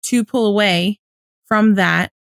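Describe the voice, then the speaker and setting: Woman co-host, thoughtful casual talk, quick to crack up, dry close sound. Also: medium pitch, vocal fry, fairly bright tone, clear, resonant tone, no room sound. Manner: analytical, dissolves into laughter. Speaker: podcast co-host. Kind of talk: casual podcast chat.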